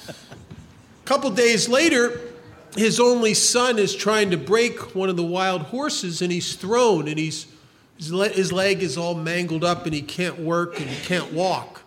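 A man's voice: high voice, unhurried, a bit bright. A man giving a recovery talk, telling a folksy parable and acting out its characters' replies. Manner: folksy storyteller, acts out the old man's shrugging replies. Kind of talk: storytelling talk.

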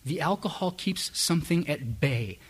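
A man's voice: on the high side, expressive, normal speed, husky. A man giving personal testimony at a recovery meeting, candid and self-deprecating, with wry chuckles. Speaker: speaker sharing his story at a recovery meeting.

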